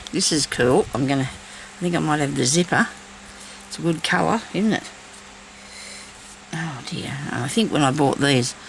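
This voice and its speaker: A woman's voice: very deep voice, creaky, a little hiss or hum, low-quality recording. A woman chatting casually while she crafts, thinking aloud and talking to herself as she works. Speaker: crafting vlogger.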